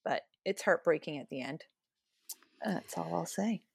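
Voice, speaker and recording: A woman co-hosting a casual book chat, measured and thoughtful with hesitant phrasing. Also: lowish voice, expressive, gravelly, breathy edge, no echo, clean studio sound. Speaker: podcast co-host.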